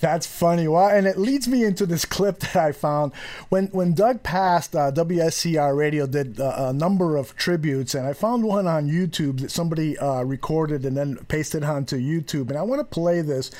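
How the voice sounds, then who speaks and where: A man with a fairly high voice hosts a relaxed podcast chat and sets up a clip for listeners. He talks loosely, with fillers and easy laughter. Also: moderate pace. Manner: relaxed, introducing clips and laughing often. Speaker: podcast host. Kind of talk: casual podcast conversation.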